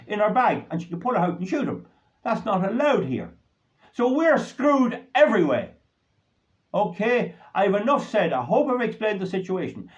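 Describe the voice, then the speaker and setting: A man's voice: on the high side, dull audio. An older Irish man giving an indignant solo monologue to his viewers, repeating his points with emphasis. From Ireland. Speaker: political commentator.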